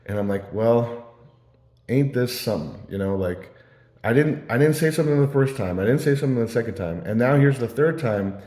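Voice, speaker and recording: A man's voice: medium pitch, lively intonation, quick pace, a little mellow. A man telling stories in a casual, meandering ramble, full of fillers and restarts. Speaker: vlogger. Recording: roomy echo.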